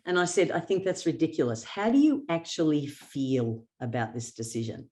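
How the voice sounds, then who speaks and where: Low-voiced woman giving a motivational workshop. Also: expressive, moderate pace, warm tone. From Australia. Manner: storytelling with acted quotes and sarcasm; laughs often. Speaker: workshop presenter.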